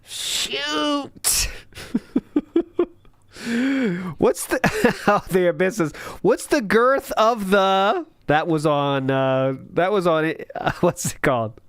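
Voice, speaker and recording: A man's voice: high voice, slow, smooth, no room sound, studio quality. A man hosting a podcast, giving a mocking reaction commentary full of laughs. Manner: laughing, mocking, animated riffing. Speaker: podcast host.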